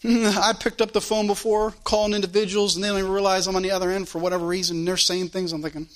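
A man's voice: high-pitched, flat delivery, quick pace, few pauses. A man preaching a fervent sermon as pastor, quoting scripture in old-style wording.

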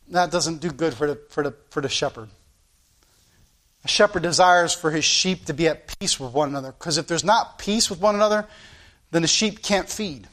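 High-voiced preacher. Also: male voice, fairly bright tone. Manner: earnest preaching with sound-effect asides. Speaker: pastor. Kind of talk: sermon. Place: church.

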